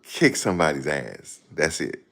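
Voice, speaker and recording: A man's voice: extremely low pitch, sing-song, a little slow, gravelly, fairly bright tone, exaggerated voice. A man imitating a stuttering, punch-drunk boxer who only wants to fight. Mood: earnest. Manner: heavy stutter.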